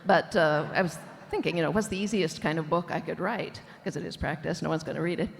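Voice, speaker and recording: Wry older woman author, gravelly voice. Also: low-pitched, quick pace, long reverb tail. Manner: wry, dry humor. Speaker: author on a panel. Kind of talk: casual panel talk.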